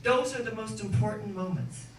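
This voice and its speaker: A woman's voice: mid-range voice, normal speed. Woman minister preaching in an echoey hall. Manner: earnest storytelling with rhythmic spiritual lists. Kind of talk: sermon. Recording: echoey room, distant mic, faint noise.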